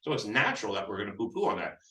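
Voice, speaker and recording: Speaking very fast with big swings in his fairly low pitch, this male trainer walks real estate agents through phone scripts, role-playing the seller's lines too. He rambles and restarts a lot, his tone pushed and bright. It's a live training talk captured from afar in an echoey room.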